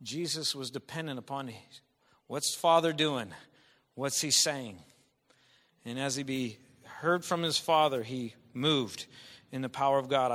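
A male preacher delivering an impassioned sermon, swinging from quiet talk to shouting. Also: mid-range voice. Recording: long hall reverb.

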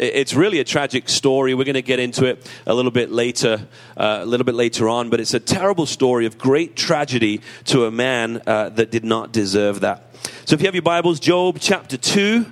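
A male pastor delivers a sermon in an easy, conversational way, close to tears and joking at his own expense. When he reads scripture his pitch climbs and he leans into the words. His voice sits in an average range for a man. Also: fairly quick, few pauses. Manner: emotional, conversational preaching with self-deprecating humor; rises in pitch and emphasis when reading scripture. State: tearful.

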